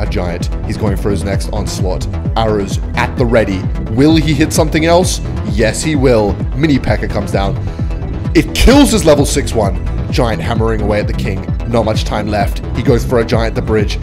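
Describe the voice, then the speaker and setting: A man giving joking, excitable play-by-play commentary on his own game, like a mock sportscaster teasing his opponent. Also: on the low side. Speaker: gaming video creator.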